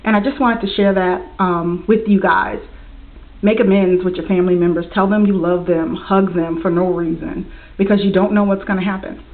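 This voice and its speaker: A woman's voice: fairly low pitch, steady tone, moderate pace. Earnest young woman, tinny phone-like audio. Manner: earnest, warm, faith-filled sharing. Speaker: vlogger. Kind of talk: heartfelt personal vlog message.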